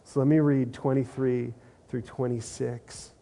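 A middle-aged male pastor delivering a sermon with a mellow, warm tone. He talks conversationally and earnestly, often repeating a phrase to drive it home. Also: medium pitch, flat delivery, measured pace, gravelly.

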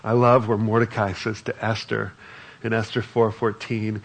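A man's voice: on the low side, little pitch movement, normal speed, creaky. A man preaching a sermon in a conversational way, reading scripture aloud between his own remarks. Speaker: pastor.

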